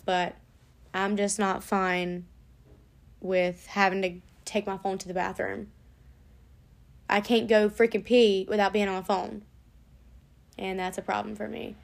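A woman's voice: medium pitch, level tone, a little slow, vocal fry, pauses often. A young woman vlogging in a casual, rambling way, swearing now and then as she chats. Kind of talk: casual chat to camera.

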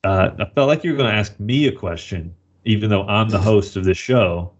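A man hosting a podcast in casual chat, playful and quick to laugh. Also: fairly low pitch, lo-fi sound. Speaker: podcast host.

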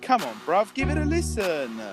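A man's voice: high voice, wildly swooping pitch, normal speed, loud music behind the voice, voice pushed up. A man putting on a cheeky Cockney bloke. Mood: cheeky, wheedling. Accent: put-on London Cockney. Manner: pushy, chummy, slangy patter. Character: cheeky London bloke cadging a cigarette.

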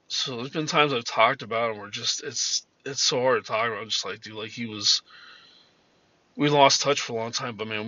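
A man's voice: mid-range voice, bright, forceful tone, muffled recording. A man in his fifties hosting a podcast, telling personal stories in a rambling, profane way with many restarts. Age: 50s. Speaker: podcast host. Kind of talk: casual personal storytelling. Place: in a car.

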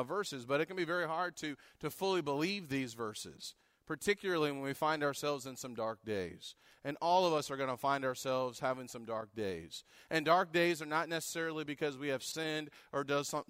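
A man's voice: a little high, a bit bright, smooth, dry recording, studio quality. A man preaching a sermon, earnest and rising to impassioned pleading when he reads scripture.

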